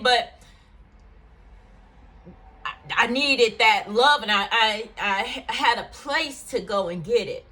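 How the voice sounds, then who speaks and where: A woman speaks straight to her viewers with a bright, forceful tone, recounting something personal. She talks candidly and emotionally, circling back with fillers as she goes. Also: on the high side. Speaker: vlogger. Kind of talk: personal storytelling to camera.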